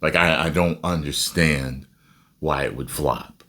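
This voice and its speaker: A man giving casual, animated movie reaction commentary with a rambling, self-interrupting manner. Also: rumbling low, a little slow.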